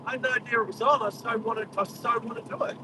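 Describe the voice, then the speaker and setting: Chatty high-voiced Australian man driving. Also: steady tone, fast. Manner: chatty, exclaims at wildlife, talks to live chat. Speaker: driving livestream host. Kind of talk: casual live driving commentary. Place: inside a moving car on a country road. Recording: distant car mic with road noise.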